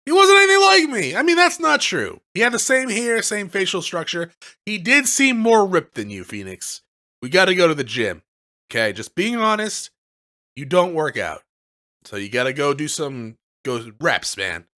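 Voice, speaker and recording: A man's voice: fairly high pitch, very animated, normal speed, bright, forceful tone. A man hosting a let's play, giving casual, joking commentary with some swearing. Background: game music.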